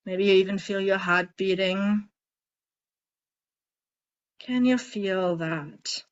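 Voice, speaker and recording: Gentle coaxing woman coach, lo-fi audio. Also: medium pitch, slow. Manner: gentle, coaxing, asks many guiding questions. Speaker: emotional eating coach leading a group session. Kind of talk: guided tapping and emotion-release exercise.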